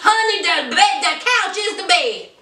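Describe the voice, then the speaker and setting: A woman's voice: very high voice, expressive, measured pace, bright, forceful tone. A woman recapping a TV show in a sassy, casual way, laughing and calling listeners honey and child. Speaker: TV show reviewer. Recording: echoey room, distant from the mic.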